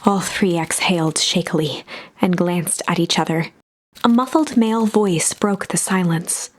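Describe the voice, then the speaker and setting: A woman narrating the story text of a game, in a storybook style, with a hushed delivery in tense passages. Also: on the low side, a little slow.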